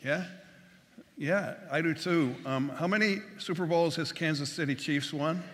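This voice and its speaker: A man's voice: a little high, a little slow, fairly bright tone, big-room sound. A man preaching a sermon as pastor, conversational and folksy, with jokes and everyday comparisons.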